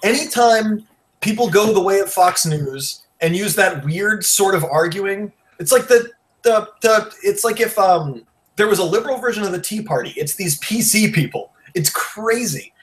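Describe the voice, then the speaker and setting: A man hosting a casual podcast chat, wired on coffee, rushed and rambling, blunt and profane. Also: high voice, animated. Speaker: podcast host.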